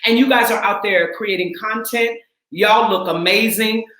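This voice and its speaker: A woman in her forties from the Twin Cities, an actress and acting coach, talking casually and emphatically, sometimes laughing and rising into shouts. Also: mid-range voice, moderate pace, roomy sound, poor audio. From Twin Cities, Minnesota. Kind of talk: casual heartfelt talk.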